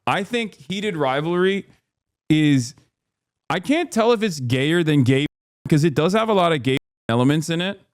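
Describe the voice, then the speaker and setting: A man hosting a casual stream, rambling and animated, swinging from low mumbles to loud exasperated rants. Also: moderate pace, no room sound, studio quality. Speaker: streamer host.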